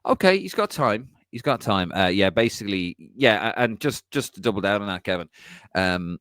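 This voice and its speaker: A man hosts a casual podcast, reading out viewer comments with a chatty manner and frequent laughs. His voice sits low but swings widely in pitch. The sound is close and dry. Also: animated, normal speed, fairly bright tone, clean tone, no room sound. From Ireland.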